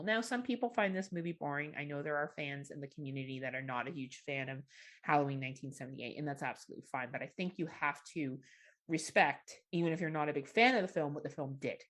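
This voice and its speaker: A woman's voice: deep voice, fast talker. A woman co-hosting a horror film podcast, chatting casually, teasing, swearing and laughing often. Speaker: podcast co-host. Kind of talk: casual chat.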